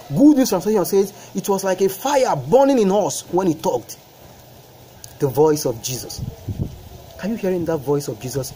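A man preaching a sermon, repeating phrases with rising fervor and praying in a low, soft voice. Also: a little hiss or hum, rough recording.

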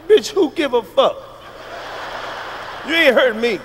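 A middle-aged man from the United States doing a loud, profane stand-up comedy routine on stage, telling punchy stories. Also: very high voice, sing-song, unhurried, long pauses, a little hiss or hum. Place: stage before a live audience.

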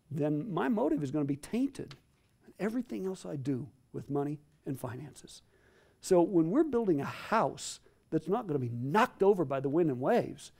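High, lively emphatic male preacher. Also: creaky. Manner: emphatic, repeats phrases for stress. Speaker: Bible teacher. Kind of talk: sermon teaching to a live audience.

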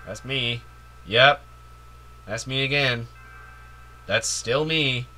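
A video game let's player gives casual, playful gameplay commentary, joking and cheering with plenty of "like" and "yay." His medium-pitched voice is slow, pushed, and bright, and faint music plays behind him.

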